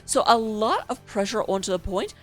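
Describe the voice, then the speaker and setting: A woman's voice: mid-range voice, very animated, moderate pace, faint music behind. A woman casting a live esports match as its host, chatty and playful, joking between the picks. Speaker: esports caster.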